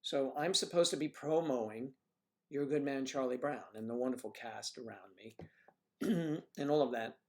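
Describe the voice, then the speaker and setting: A man's voice: mid-range voice, normal speed, darkish tone. A man hosting a casual livestream, chatting and telling rambling stories. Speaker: livestream host.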